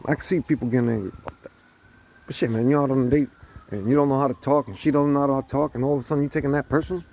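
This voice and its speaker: A vlogger rants casually to camera in a racing mid-range voice, with a little hiss or hum in the audio. He's animated, swears constantly, and laughs often between lines.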